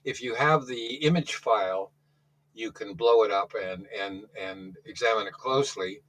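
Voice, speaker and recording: Low husky man telling a rambling story. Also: moderate pace, fairly bright tone, low-quality recording. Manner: rambling, with repeated restarts. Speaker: caller. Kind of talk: casual storytelling on a call-in show.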